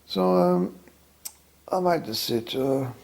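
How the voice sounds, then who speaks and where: A man with a Scottish accent rambles at home in a solo fireside-style monologue. His voice is gravelly and mellow, and he pauses often, musing wryly and halting over his words. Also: medium pitch, expressive. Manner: wry, musing, halting with many fillers. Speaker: vlogger.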